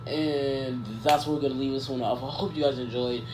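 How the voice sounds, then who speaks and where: A man casually improvising a fan story out loud, rambling and correcting himself as he goes. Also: mid-range voice, steady tone, fairly quick. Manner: rambling, self-correcting, lots of "like" and "um". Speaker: YouTuber telling a fan story. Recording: echoey room with faint background noise.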